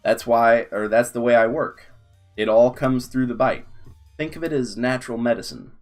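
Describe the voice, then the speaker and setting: A man's voice: medium pitch, moderate pace, a little mellow, soft background music, natural voice. A man voicing an old talking desert snake, dry and matter-of-fact with a joking streak. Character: ancient talking male desert snake, wry and calm.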